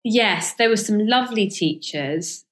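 A middle-aged woman speaks as an interview guest, candid and reflective. She hesitates often and restarts her sentences, filling gaps with soft ums as she thinks aloud. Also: medium pitch, animated, a little slow. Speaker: guest, comedian and author. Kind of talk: reflective casual interview talk.

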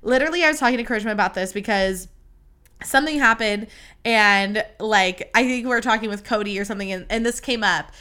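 A young adult woman hosting a solo podcast, chatting casually in an animated, gushing and dramatic way, speaking straight to her listeners. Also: medium pitch, a little fast, smooth. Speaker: podcast host.

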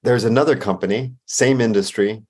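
A man hosting a podcast interview, firing off quick questions and answering with short, easy reactions. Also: medium pitch, slightly rough. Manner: easygoing and affirming, with short reactions. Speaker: podcast host.

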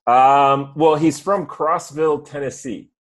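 A man's voice: on the high side, fairly even intonation, a little slow, fairly bright tone. A man in casual chat who rambles through loose stories full of fillers.

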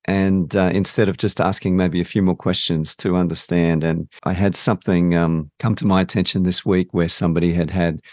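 Podcast host: deep-voiced middle-aged man, reflective and measured, dry close sound. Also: darkish tone, no echo. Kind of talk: interview conversation.

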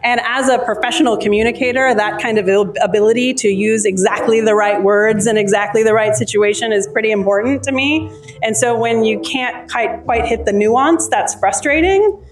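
A woman's voice: a little high, moderate pace. Chatty woman answering audience questions. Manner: chatty, with many ums and restarts. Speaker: author at her book launch. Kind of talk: live audience Q&A. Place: live event before an audience.

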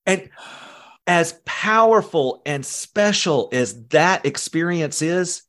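Podcast co-host; mid-range voice, calm and reflective. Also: medium pitch, slow pace. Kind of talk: casual interview chat.

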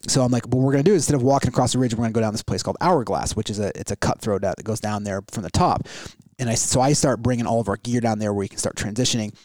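A man in his thirties casually retelling an adventure story in a rambling, animated way, full of restarts. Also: medium pitch, racing, no room sound. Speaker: guest telling a story.

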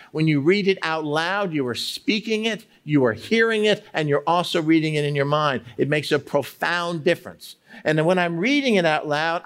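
A man with a fairly high voice that swings up and down a lot teaches a Bible study method. He keeps asking questions aloud and drags out key words to stress each one. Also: a bit bright. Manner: emphatic, slows to stress single words; asks many questions aloud.

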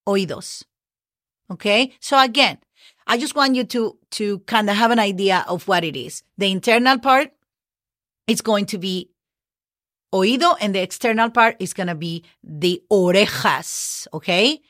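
A woman's voice: mid-range voice, lively intonation, a little slow, fairly bright tone, no room sound, studio quality. A woman hosting a podcast lesson who patiently spells out words letter by letter, often checking in with "okay?". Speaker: Spanish teacher and podcast host.

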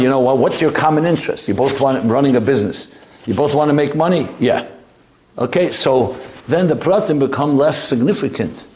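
A man's voice: medium pitch, a little mellow. Male Torah teacher, informal class, wanders into anecdotes, restarts sentences often. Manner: rambling, anecdotal, frequent restarts.

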